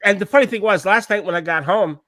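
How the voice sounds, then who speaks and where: A man with an Australian accent, co-hosting a live stream, telling a story in a swearing, animated, casual way. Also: high-pitched, quick pace, no echo. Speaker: podcast co-host. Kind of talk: casual chat.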